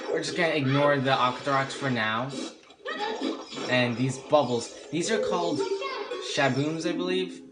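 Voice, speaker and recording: A man's voice: mid-range voice, very noisy. A young man casually commenting on his own game walkthrough, chatty and sarcastic, often correcting himself. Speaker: walkthrough host. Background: game music.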